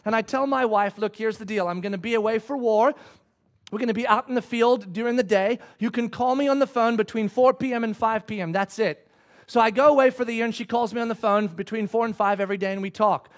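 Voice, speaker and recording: A middle-aged man preaching a sermon, telling stories and acting out the quotes with lively energy. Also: high voice, quick pace. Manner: animated storytelling, acting out quotes.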